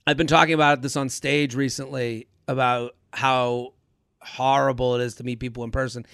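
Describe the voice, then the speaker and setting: A man's voice: mid-range voice, flat delivery, normal speed, fairly bright tone, smooth, dry recording. A young man hosting a casual podcast, rambling through an anecdote with frequent restarts. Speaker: podcast host.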